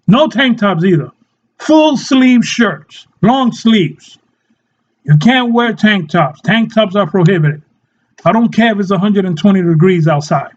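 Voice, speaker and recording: A man's voice: high-pitched, lively intonation, unhurried, highs cut off. A man delivering a mock-serious satirical monologue in a sarcastic tone, often laughing and acting out short quoted voices. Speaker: satirical commentator.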